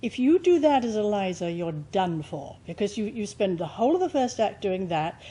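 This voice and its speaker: An older actress telling stage anecdotes in an interview, with a lively, theatrical delivery. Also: female voice, medium pitch, moderate pace, breathy edge, low-quality recording.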